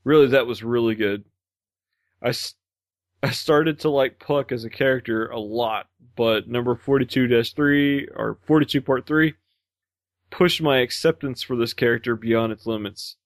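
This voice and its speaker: Laid-back podcast co-host reading feedback. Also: male voice, mid-range voice, moderate pace, dry recording, studio quality. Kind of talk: casual chat, reading listener feedback.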